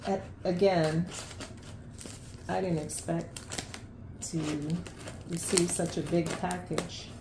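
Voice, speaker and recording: A woman unboxing plants in a casual vlog at home, gushing with excitement and laughing often. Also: fairly low pitch, slow, reverberant, heavy background noise. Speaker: plant vlogger. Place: home, unpacking at the sink.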